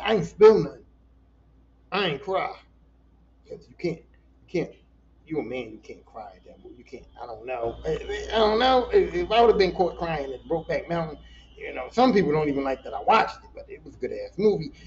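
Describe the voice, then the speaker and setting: A man hosting a casual solo podcast, ranting in an animated, profane way and talking back to his listeners. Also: a little high, muffled recording, a little hiss or hum. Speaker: podcast host.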